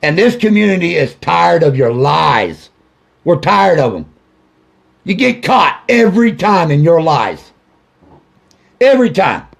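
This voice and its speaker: A furious, grieving father rants into his own video camera. He hammers out accusations and curses, repeating lines again and again. His voice is gravelly with creak and sits somewhat high for a man. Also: sing-song, measured pace, long pauses. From Ohio. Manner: angry, accusing, repetitive, swearing. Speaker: grieving father addressing officials. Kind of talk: angry direct-to-camera video rant.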